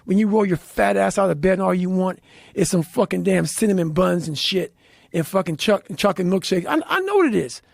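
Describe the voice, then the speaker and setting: A man telling intense motivational stories as a podcast guest, swearing heavily and speaking with forceful emphasis. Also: high-pitched, animated, a little fast, vocal fry, dry recording, clean studio sound. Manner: heavy profanity, forceful and emphatic.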